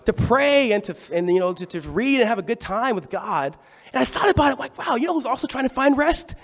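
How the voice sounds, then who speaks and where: Male preacher with an unusually high, expressive voice; animated, conversational sermon delivery. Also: a little fast.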